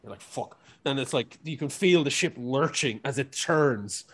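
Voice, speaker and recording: Brief: male game master, mid-pitched, casual and rambling, full of fillers. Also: lively intonation, normal speed, breathy edge. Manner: loose and rambling, many fillers. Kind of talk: narrating a tabletop game.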